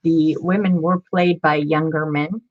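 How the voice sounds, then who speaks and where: A woman's voice: deep voice, fairly even intonation, a little slow, highs cut off. A woman chatting casually on a live stream as she shows off her book collection, rambling and greeting viewers by name.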